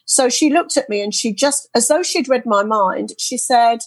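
Animated British woman telling a story. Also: a little high, normal speed, dry recording, rough recording. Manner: animated storyteller who quotes others in lively voices. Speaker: interview guest, spirit artist. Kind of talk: storytelling in a podcast interview. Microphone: headset earphones.

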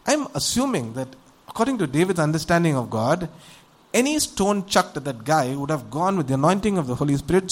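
Speaking briskly, with a voice on the high side, a man gives a sermon built around a Bible story. He narrates conversationally, acts out voices with animation, and often turns to his audience with rhetorical questions.

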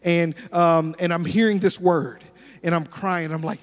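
A male pastor preaches in a high, light voice, his words ringing through the long reverb of a large church hall. He tells animated stories and acts out each person's lines as he goes. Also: unhurried. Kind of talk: sermon with storytelling.

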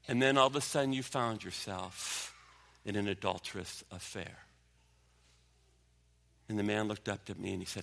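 A man preaching a sermon as pastor, emphatic, sinking low and quiet for stories. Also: lively intonation, normal speed, long reverb tail. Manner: emphatic preaching, drops low and quiet when telling a story.

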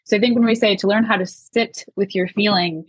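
Woman guest, calm and measured, slightly breathy, dry close sound. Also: mid-range voice, no echo, low-quality recording. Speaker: guest, emotional intelligence educator. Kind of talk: reflective interview talk.

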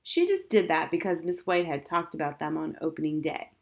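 Stubborn young girl, emphatic and scornful, read by a woman narrator; fairly low voice. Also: fairly quick, gravelly. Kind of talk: audiobook character voice.

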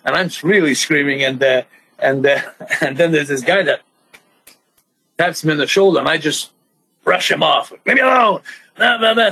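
An older man from tells his wrestling stories in animated, rapid bursts. His voice is bright and husky, sitting somewhat high. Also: rough recording. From Quebec. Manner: animated, laughing, fast bursts, acting out quotes. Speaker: retired pro wrestler, guest. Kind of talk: storytelling in an interview.

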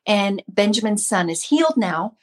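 This is a very animated mid-range female voice at a moderate pace. The speaker, a woman in her fifties who hosts a Christian mom channel, chats earnestly with her viewers in a casual devotional talk, often repeating herself.

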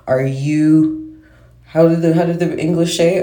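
A woman's voice: low-pitched, unhurried, mellow, faint music behind. A woman vlogger in a casual monologue, ranting with heavy swearing and exasperation. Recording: roomy echo.

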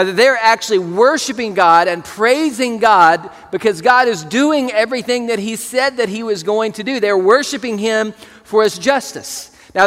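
A man's voice: high-pitched, a bit bright, in a large hall. A man preaching a sermon as pastor, earnest and leading the congregation, with words he often repeats.

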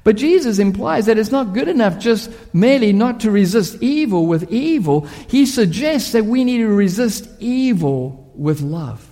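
High, lively preacher man in an echoing hall. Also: normal speed, few pauses. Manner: storytelling, vivid, rhetorical questions. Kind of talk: sermon. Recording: long hall reverb.

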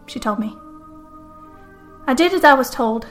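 A woman telling a first-person story in scripted narration, calm and measured. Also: sits high, faint music behind.

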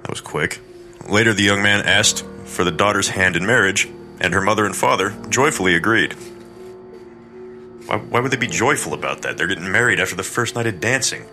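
A man narrates a horror story podcast in a deep voice with a bright, forceful edge. He breaks up the tale with crude, irreverent jokes. Faint music plays underneath. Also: brisk.

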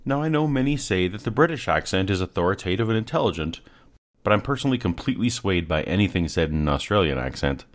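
A man's voice: low voice, lively intonation, fast. A man hosting a podcast, giving dry, mocking commentary over video clips. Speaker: podcast host.

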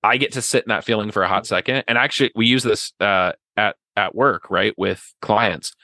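A man's voice: on the low side, brisk, creaky, bright, forceful tone, dry recording. A man in a casual podcast chat, talking earnestly and at length, full of "like" and "right?". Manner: earnest, rambling, many "like" and "right?".

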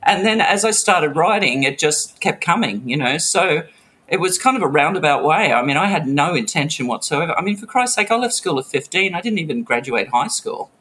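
A woman's voice: low voice, expressive, brisk, a bit bright. A middle-aged woman telling stories from her music industry career in a casual interview. She laughs often and drops into quoted voices. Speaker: author and music industry veteran.

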